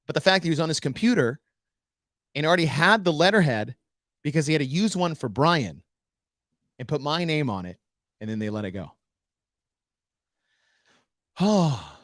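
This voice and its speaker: Podcast co-host, male, animated storyteller who voices the people in his story, dry close mic. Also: on the high side, normal speed, pauses often, no room sound. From United States. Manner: animated storyteller acting out dialogue. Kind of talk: casual storytelling chat.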